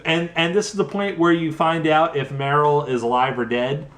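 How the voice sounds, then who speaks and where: A man's voice: fairly high pitch, fairly even intonation, normal speed, a bit bright. A tipsy man rambling through a profane, casual recap of a game's story, full of fillers. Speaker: host. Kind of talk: drunk casual game recap. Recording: echoey room.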